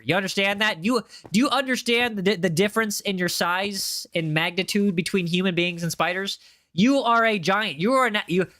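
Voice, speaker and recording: Bright, high-voiced young male streamer. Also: no room sound. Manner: playful, teasing, repeats himself for comic effect. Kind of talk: casual live-stream chat while gaming.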